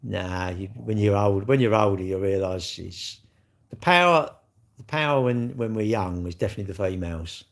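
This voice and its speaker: An older man, chatting loosely and bluntly to his livestream viewers. He jokes and swears freely, and his voice sits fairly low. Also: fairly quick, vocal fry, darkish tone. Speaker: livestream host. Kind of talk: casual chat with viewers.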